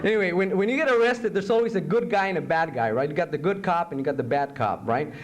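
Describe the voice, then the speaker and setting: A male poet reading his work aloud live to a college audience, animated, moving between English and Spanish. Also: a little high, quick pace, a crowd in the background, background noise.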